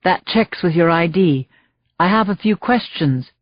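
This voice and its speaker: A woman narrator voicing a steady, reassuring male doctor in his thirties. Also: on the low side, measured pace, no room sound, dull audio. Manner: assuring, steady.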